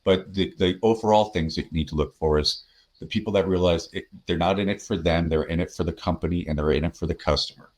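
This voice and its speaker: A man's voice: low-pitched, fast. A man, a podcast guest and sales consultant, telling workplace anecdotes in a conversational way and acting out the people he quotes. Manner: animated anecdotes, acts out quoted voices. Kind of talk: conversational storytelling.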